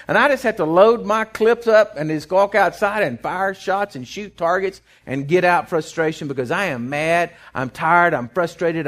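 Middle-aged pastor, folksy and lively, voice on the higher side. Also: male voice. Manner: folksy, animated preaching with many restarts. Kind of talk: sermon.

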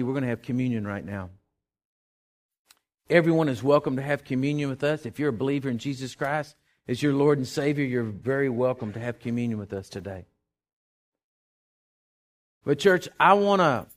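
A middle-aged man, a pastor preaching a sermon and telling a personal story in a folksy, animated way. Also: mid-range voice.

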